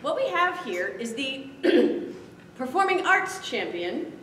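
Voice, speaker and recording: A woman emceeing a festival performance session, brisk with hesitant fillers and formal address to the audience. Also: high-pitched, very animated, fairly bright tone, slight background noise. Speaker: event organizer and emcee. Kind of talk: announcing to an audience. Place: event hall at a medieval arts festival. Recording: echoey hall from far off.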